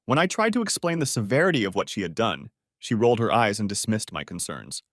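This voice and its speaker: A man narrating a scripted first-person story in a steady, expressive way. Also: lowish voice, fast talker, dry recording, clean studio sound.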